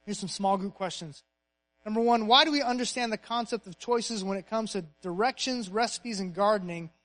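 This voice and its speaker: A male pastor preaching a sermon, punching key phrases and dropping to a soft, hushed voice in prayer. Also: high-pitched, low-quality recording.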